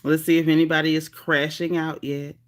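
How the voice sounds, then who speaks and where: A woman hosting a casual livestream, reading viewer comments aloud in a chatty, animated, folksy way. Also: low-pitched, fairly quick. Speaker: livestream host reading chat. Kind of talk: casual live chat.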